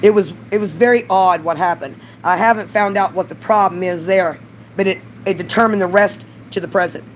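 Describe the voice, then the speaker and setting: A middle-aged woman with a Mississippi Southern accent talks briskly in a mid-range voice, delivering a blunt, profane, rambling confession to camera with her voice rising at moments. The vlog's dull lo-fi sound includes a little hiss or hum.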